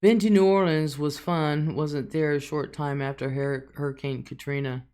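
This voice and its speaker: A woman's voice: low voice, steady tone, normal speed, warm tone. A middle-aged woman hosting a casual livestream, reading out viewer comments and laughing often. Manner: chatty, laughs often, drawls some words. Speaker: livestream host.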